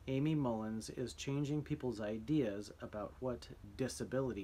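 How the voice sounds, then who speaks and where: A man teaching a spelling lesson to his students, explaining slowly with frequent ums and restarts. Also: medium pitch, slight background noise.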